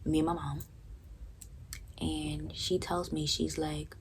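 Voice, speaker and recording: A woman's voice: low voice, normal speed, warm tone, husky. A young woman casually telling a personal story, frank and profane, often checking in with "right?". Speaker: storytime vlogger.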